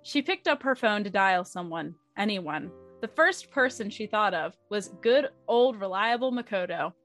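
A woman's voice: medium pitch, expressive, moderate pace, a bit bright, soft background music. A young woman casually reading a fanfic aloud in a chatty, giggly way. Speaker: fanfic reader. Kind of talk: casual storytelling read-aloud.

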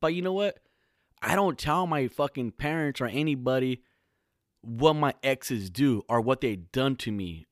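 A man's voice: mid-range voice, a little slow, no echo, clean studio sound. A man in his thirties from California, talking alone in a casual, rambling, profane podcast monologue full of slang.

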